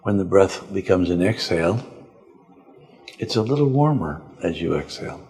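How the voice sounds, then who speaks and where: A man, a spiritual teacher on a podcast, calmly and slowly guiding a breath meditation. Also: low voice. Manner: calm, slow, gentle guiding. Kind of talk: guided meditation instruction.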